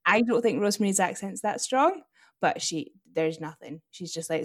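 A woman's voice: medium pitch, animated, normal speed, breathy edge, no echo, studio quality. A young woman with a Scottish accent co-hosting a podcast, chatting casually and laughing often. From Scotland. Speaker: podcast co-host.

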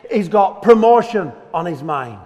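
Animated high-voiced preacher in a hall. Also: male voice, unhurried. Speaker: pastor. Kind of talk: sermon. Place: church hall. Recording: long hall reverb.

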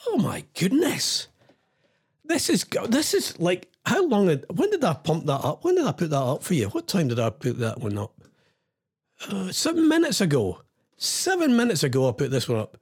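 Scottish male DJ, slightly high voice, lively pitch, playful and teasing, casual quiz chat. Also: fairly quick, husky. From Scotland. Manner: playful and teasing, reads out comments. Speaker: radio DJ.

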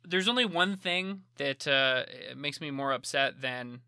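Bright-voiced sarcastic man podcasting. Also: mid-range voice, unhurried, smooth, no echo, studio quality. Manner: profane, sarcastic, jokey. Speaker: podcast co-host. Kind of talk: casual podcast banter.

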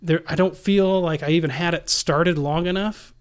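A man who works as an emergency nurse, telling stories from the hospital in a casual, animated podcast conversation. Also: fairly high pitch, moderate pace. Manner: animated storyteller, acts out quoted voices. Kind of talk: casual storytelling in a podcast interview.

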